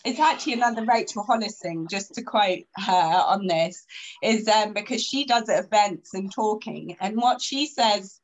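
A woman's voice: medium pitch, normal speed, poor audio. A woman in her thirties talking as a guest in a casual podcast chat, frank and chatty with plenty of fillers.

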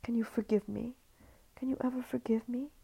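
A woman's voice: fairly high pitch, fairly even intonation, normal speed, creaky, dark tone, breathy edge, pitched above the performer's own voice, full character voice. A woman voicing an apologetic, clingy woman, pleading. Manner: pleading, intimate whispering.

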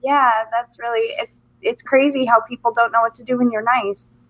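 Higher-voiced mom chatting on a podcast. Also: female voice, flat delivery, normal speed, a bit bright. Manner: candid storytelling, acts out quotes. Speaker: podcast co-host. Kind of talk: casual chat.

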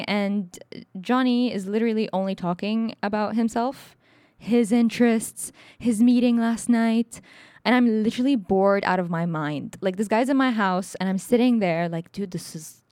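Young woman, podcast storyteller, blunt and animated, mid-range voice, dry sound. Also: medium pitch, normal speed, dry recording. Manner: frank and animated, swears freely, acts out quotes. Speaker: podcast co-host telling a story. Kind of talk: casual storytelling chat.

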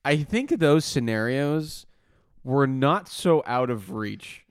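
A young man in easy podcast chat, his pitch rising and falling as he tells a story. He acts out what others said and swears casually. His voice sits mid-range and moves a lot. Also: slow pace, clean tone. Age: young adult. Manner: animated storyteller acting out quotes, swearing freely. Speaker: podcast co-host.

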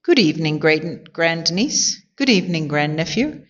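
A woman voicing a terse, stately old great-aunt who speaks slowly in a storybook. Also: low voice, very animated, highs cut off. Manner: slow, measured speech. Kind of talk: storybook character voice.

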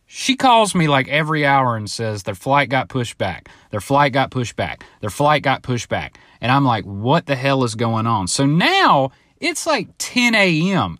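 Rambling, swearing podcast host with a dry sound. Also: male voice, medium pitch, a bit bright, no room sound. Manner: rambling storyteller, swears freely, acts out other voices in quotes. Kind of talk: casual solo podcast monologue. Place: home, now living in Southern California.

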